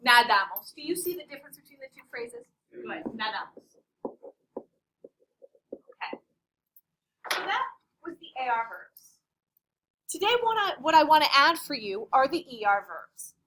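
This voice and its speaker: A woman teaching a Spanish class, playful and animated, quizzing her students as she goes. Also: high voice, normal speed, pauses often. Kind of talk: classroom lesson. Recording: distant classroom mic.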